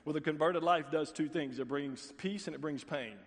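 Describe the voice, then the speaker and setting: A middle-aged man preaching a sermon as pastor, telling stories with folksy asides and animated voices for the people in them. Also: fairly high pitch, moderate pace. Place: church sanctuary. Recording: long reverb of a large hall.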